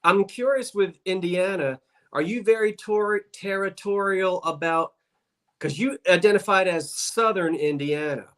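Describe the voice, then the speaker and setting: A man's voice: sits high, unhurried, fairly bright tone. A man with a South Jersey accent co-hosting a live video stream, chatting with viewers, curious and full of restarts. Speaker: livestream co-host. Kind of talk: casual live-stream chat.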